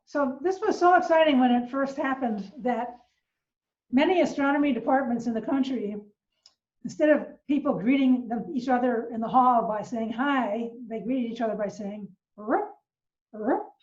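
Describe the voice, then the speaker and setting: An older woman lecturing on astronomy, patient and explanatory, pausing on fillers as she works through each idea. Her voice sits a little high and sounds set back from the mic in a roomy living room. The recording is somewhat dull and muffled. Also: a little mellow, far from the mic. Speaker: astronomy professor giving a lecture. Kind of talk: informal online science lecture.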